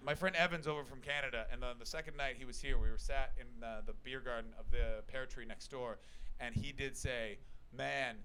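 A man with a North American accent doing stand-up crowd work, fast and sarcastic with plenty of swearing, on a club stage. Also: medium pitch, steady tone, slight background noise, rough recording. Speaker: stand-up comedian. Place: comedy club stage with live audience. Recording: live room with loud crowd laughter. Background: audience laughing.

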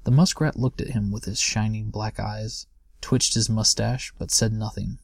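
Young male reader, calm storybook narration, low and a bit gravelly. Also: normal speed, no echo, studio quality. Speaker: audiobook reader and host. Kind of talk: reading a children's book aloud.

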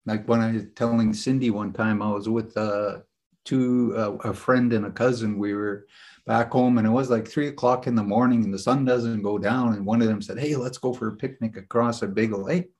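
A man's voice: fairly low pitch, steady tone, normal speed, a little mellow. A man leading a group session as a spiritual teacher, talking casually and earnestly, telling personal stories with frequent restarts. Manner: rambling, earnest, frequent "you know" and restarts.

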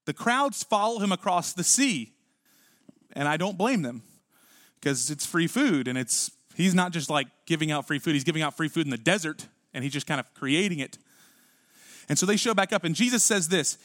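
A man preaching a sermon with a slightly high voice. He talks to the congregation like a friend, with lots of rhetorical questions, and now and then drops to a quiet, almost private tone. The recording is close and dry. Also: expressive, normal speed, no echo. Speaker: pastor.

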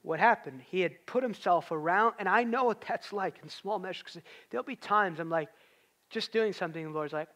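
A man's voice: high voice, brisk, fairly bright tone. A man preaching a sermon in a conversational way, rising to emphatic peaks.

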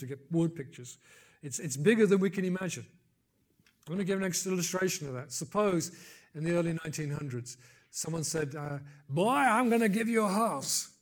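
Older male preacher, slightly high voice, swings from hushed asides to loud emphatic peaks, chatty and wry. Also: fast talker. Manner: builds to loud emphatic peaks, then drops low and soft; conversational asides and gentle humor. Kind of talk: sermon.

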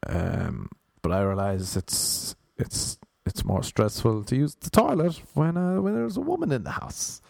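Gravelly Irish man, comic rambling. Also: mid-range voice, animated, a little slow, a little mellow, no echo. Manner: rambling, self-mocking storytelling with frequent laughs. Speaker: comedian. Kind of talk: comic monologue.

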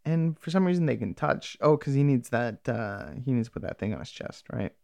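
A man's voice: medium pitch, animated, fairly quick, creaky, a little mellow, no echo. A man casually recapping a TV episode, rambling and swearing freely as he acts out lines from the characters.

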